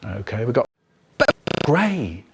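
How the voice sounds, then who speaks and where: A man telling comic childhood stories in a theatrical way, jumping between squeaky quoted voices and low mutters. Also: sing-song, slow, vocal fry, heavy background noise. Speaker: storyteller. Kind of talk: comic children's storytelling, spliced remix.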